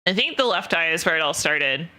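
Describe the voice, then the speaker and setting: A woman's voice: low voice, expressive, brisk, bright, forceful tone. A young woman streamer telling a personal story in casual chat, rambling with lots of fillers and frequent swearing.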